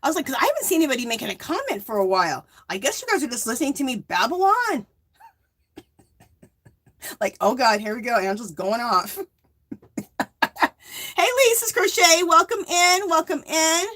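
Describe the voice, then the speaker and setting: Middle-aged female livestream host, casual and rambling, voice on the higher side. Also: fast talker, slightly rough. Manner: rambling, animated storytelling.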